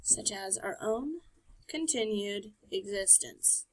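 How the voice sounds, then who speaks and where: A woman's voice: mid-range voice, lively intonation, slow, husky. Female gamer, sarcastic play-by-play, voice swings up and down a lot. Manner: chatty, sarcastic, talking back to characters. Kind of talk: let's play commentary.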